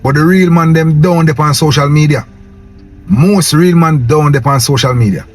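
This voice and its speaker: A man's voice: on the high side, normal speed. Impassioned Jamaican man ranting. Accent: Jamaican Patois. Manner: impassioned, preachy, repeats "yo" and "man". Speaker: vlogger. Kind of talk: casual rant to camera.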